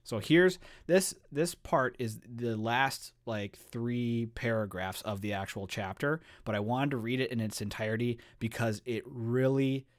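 A man's voice: medium pitch, unhurried, hardly any pauses. A man co-hosting a book podcast, reading chapters aloud and then gushing about them with lots of swearing and "dude". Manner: excitable, swears, says dude a lot. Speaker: podcast co-host. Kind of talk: reading a novel aloud and discussing it.

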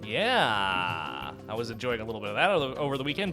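Lively, bright-voiced male podcast co-host. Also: medium pitch, fairly quick, faint music behind. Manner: laughing, rambling, self-mocking. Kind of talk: casual podcast chat.

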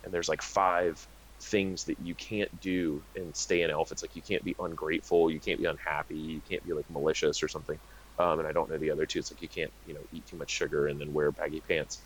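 A man's voice: a bass voice, flat delivery, a little fast, rough recording. A man in his thirties chatting casually as a podcast co-host, rambling and joking with many fillers. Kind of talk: casual chat.

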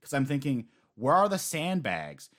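A man co-hosting a casual manga chat, rambling and animated, swearing now and then. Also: medium pitch, normal speed. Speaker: podcast co-host.

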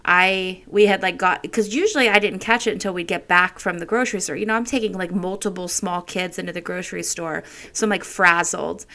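Bright-voiced woman telling family stories. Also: fairly low pitch, brisk, few pauses. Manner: rambling storyteller, frank and laughing. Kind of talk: casual chat.

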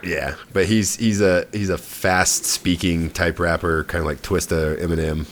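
A man's voice: low voice, steady tone, moderate pace. A man co-hosting a podcast, chatting casually about gaming news and often trailing off mid-thought. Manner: conversational, trails off and restarts. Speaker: podcast co-host.

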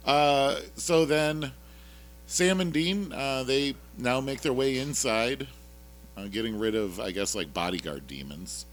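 A man's voice: mid-range voice, animated, measured pace, fairly bright tone. A man co-hosting a casual podcast, retelling a TV episode in a rambling, jokey way with lots of fillers. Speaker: podcast co-host recapping a TV episode. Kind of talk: casual chat.

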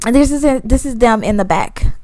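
A woman's voice: fairly high pitch, lively intonation, brisk, dark tone, dry recording. A woman co-hosting a podcast, talking bluntly and with exasperation in casual chat, swearing freely. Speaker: podcast co-host.

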